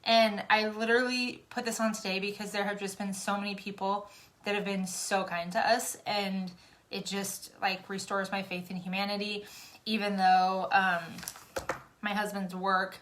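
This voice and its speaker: A woman's voice: mid-range voice, flat delivery, normal speed, a bit bright, slight background noise. Chatty young woman venting while doing makeup. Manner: talkative, rambling, venting with frequent fillers. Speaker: makeup vlogger. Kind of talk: casual chatty livestream.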